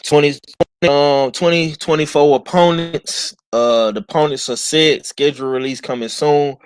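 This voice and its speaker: A man's voice: a little high, fairly even intonation, moderate pace, smooth, dry recording. A man hosting a casual sports chat, laid-back and drawling, often repeating himself. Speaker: host.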